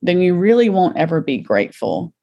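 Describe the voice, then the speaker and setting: A woman's voice: on the low side, big pitch swings, a little fast, dark tone. A middle-aged woman guest telling her story earnestly, with compassion and vivid retelling. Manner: faith-centered, speaks with compassion. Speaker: podcast guest. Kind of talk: conversational interview.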